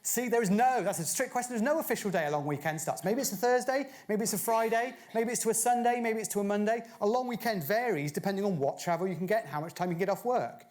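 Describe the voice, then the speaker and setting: Fast-talking man giving a conference talk. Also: high-pitched, a little mellow. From Bristol, England. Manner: chatty, fires rhetorical questions at the audience. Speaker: conference speaker. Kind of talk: conference talk to a live audience. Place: conference stage.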